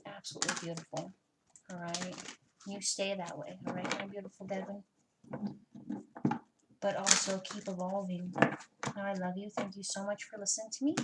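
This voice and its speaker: A woman's voice: medium pitch, level tone, normal speed, long pauses, heavy background noise. A woman giving a casual personal tarot reading, chatty and swearing freely, with lots of "you know" fillers. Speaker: tarot reader.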